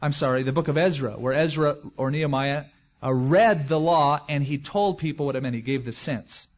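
A man's voice: fairly high pitch, moderate pace, dull audio. A man as pastor, preaching a verse-by-verse expository sermon in a conversational way with joking asides.

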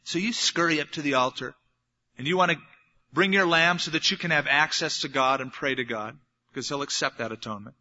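A man preaching from the pulpit, voice bright and a touch high. He tells stories and acts out little scenes to make his point. The recording sounds dull and lo-fi. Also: fairly quick, in a large hall. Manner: animated storytelling, acting out little scenes. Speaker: pastor. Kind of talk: sermon.

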